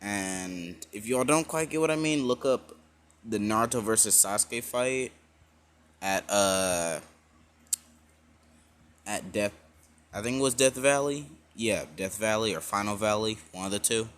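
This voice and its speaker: A man's voice: lowish voice, measured pace, pauses often, fairly bright tone, slight background noise. A man casually retelling a fan-made story, rambling with many fillers and self-corrections.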